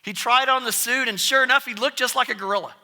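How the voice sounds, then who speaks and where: A man preaching a sermon as pastor, telling stories in an animated way. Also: very high-pitched, fast talker. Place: church sanctuary. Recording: long church reverb.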